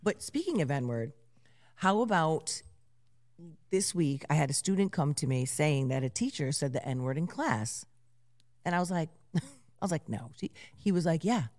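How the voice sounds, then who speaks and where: A middle-aged woman with a slightly low voice, chatting casually as a co-host. She tells stories in an animated way, swears freely and breaks into laughter. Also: moderate pace. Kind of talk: casual chat.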